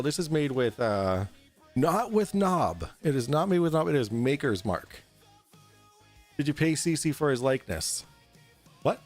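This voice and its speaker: A man hosting a casual livestream talk show, rambling and swearing as he reads and answers chat while drinking on air. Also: medium pitch.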